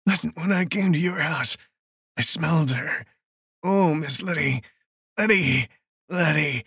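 A man's voice: fairly high pitch, takes it slowly, pushed and bright, husky, dry recording, clean studio sound, voice pushed up, exaggerated voice. A man voicing a deranged male serial killer who speaks in breathless, gloating, sing-song fragments.

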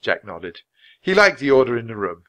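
A man reading a children's chapter book aloud at a natural, clear pace. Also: mid-range voice, sing-song, moderate pace, fairly bright tone. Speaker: storybook reader.

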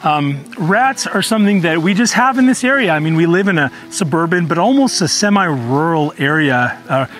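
Male gardening host, high-pitched, chatty and earnest, outdoors with faint music. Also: expressive, normal speed, few pauses, a bit bright. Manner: chatty, earnest, frequent ums. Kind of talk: casual gardening tutorial. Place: outdoor home orchard.

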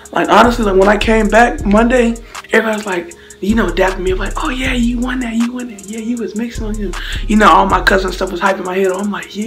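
A man's voice: sits high, gravelly. Slangy young man telling a story. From Slidell, Louisiana. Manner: animated, slangy, acts out hits with sound effects. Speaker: vlogger. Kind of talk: casual storytelling.

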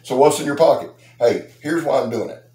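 A man's voice: medium pitch, fairly quick, mellow. A middle-aged man, hosting a knife channel and chatting casually to his subscribers in a rambling, joking, boastful way. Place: outdoors. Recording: roomy echo with faint noise.

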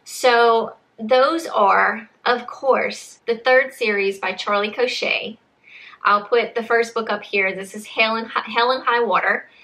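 Bright chatty young woman vlogger. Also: a little high, steady tone, slow pace. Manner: chatty, rambling with frequent restarts, says y'all. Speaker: book vlogger. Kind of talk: casual chat to camera.

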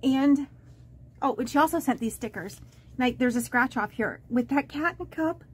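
A woman vlogger chatting to camera as she opens fan mail, halting and rambling with many fillers and restarts, gushing and easily moved. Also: high-pitched, lively intonation, slightly rough. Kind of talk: casual unboxing chat to camera.

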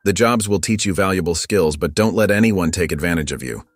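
A man's voice: sits low, expressive, a little fast, no echo, studio quality. A man voicing a caring, protective father.

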